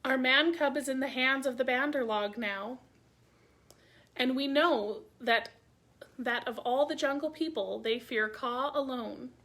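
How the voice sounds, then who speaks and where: A woman voicing a sleek male panther who speaks in a brisk, decisive way in a storybook reading. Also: high voice, fairly bright tone. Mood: urgent.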